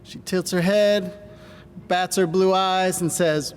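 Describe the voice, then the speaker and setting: A middle-aged man, a doctor, giving an energetic seminar talk to a live audience and drawing them into call-and-response. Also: slow pace. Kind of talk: stage presentation to a live audience. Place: large hall with audience. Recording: hall reverb, faint rumble.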